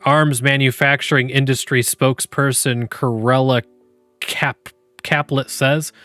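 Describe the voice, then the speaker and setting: A man's voice: a little high, bright, forceful tone, no echo, clean studio sound. A man hosting a podcast, joking and laughing often as he reads game prompts aloud to his chat. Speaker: podcast host.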